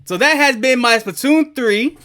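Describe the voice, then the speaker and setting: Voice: high-pitched, a little slow, bright, forceful tone, soft background music. A streamer chatting casually, rambling, swearing and laughing often while setting up a video.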